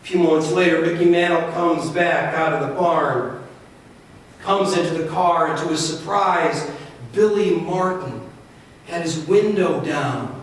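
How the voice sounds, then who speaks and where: Male pastor with a high voice, animated storyteller, captured from afar in a very reverberant sanctuary with a faint hum behind. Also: unhurried. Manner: animated storytelling with wide swings in pitch and loudness. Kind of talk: sermon. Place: church sanctuary. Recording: very echoey church, from far off.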